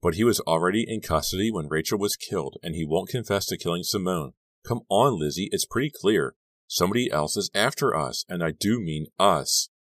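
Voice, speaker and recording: A man's voice: low-pitched, expressive, brisk, fairly bright tone, dry recording, studio quality. A man voicing a frightened teenage girl who talks anxiously and urgently about danger. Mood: fearful. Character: frightened teenage girl actress, nun costume.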